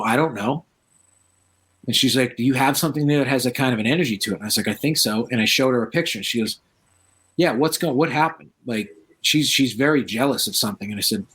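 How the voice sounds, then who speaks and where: Husky guy telling spooky stories in an interview, animated, does the voices. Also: mid-range voice. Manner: animated, acts out quoted voices. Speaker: paranormal researcher guest. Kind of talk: casual storytelling interview.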